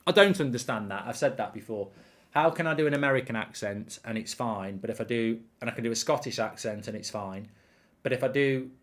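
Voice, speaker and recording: A man hosting a live football watchalong, chatting casually, reading out viewer comments and rambling with repeated words. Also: medium pitch.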